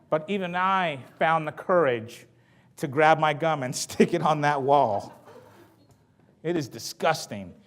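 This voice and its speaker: A man giving a motivational talk to an audience, telling stories in a lively, jokey way. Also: a little high. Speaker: motivational speaker.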